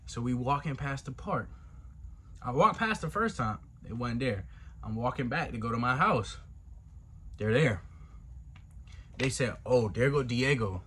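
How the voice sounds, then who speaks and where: A man's voice: mid-range voice, lively intonation, measured pace, pauses often, sharp tone, slight background noise. A young man telling a story on his channel in a loose, slangy, profane way, jumping into the voices of the people in it. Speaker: storytime vlogger. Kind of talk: casual storytime monologue.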